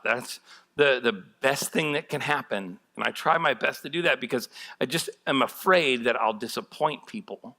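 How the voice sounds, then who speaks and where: A man's voice: mid-range voice, expressive, normal speed, pushed and bright. A man preaching a sermon as pastor, telling candid, self-deprecating stories with a laugh.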